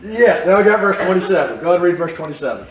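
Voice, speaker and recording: A high-voiced man leads a lively Bible class, often asking the group questions and repeating his points. He is recorded from across a roomy church hall with a clear echo. The mic sits well away from him. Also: racing, recorded from a distance, slight background noise. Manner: animated, asks the class questions, repeats phrases. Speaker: Bible study teacher. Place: church room.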